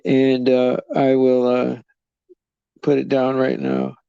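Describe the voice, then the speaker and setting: A man with a mellow, gravelly voice chats loosely with viewers on a live stream, meandering between thoughts and chuckling often. The sound is dry and close, with slightly dull, lo-fi stream audio. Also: mid-range voice, monotone, slow, no echo. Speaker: livestream host.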